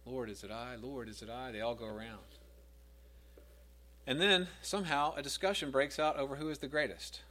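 A man's voice: medium pitch, fairly bright tone. A man preaching a sermon in a conversational way, asking his listeners questions and dropping his voice when he quotes scripture.

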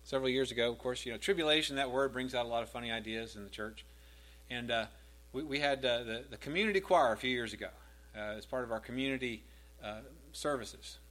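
Talking fast, a middle-aged male pastor gives a sermon at medium pitch. His emphasis builds on repeated lines of scripture, which get louder and higher before he drops back.

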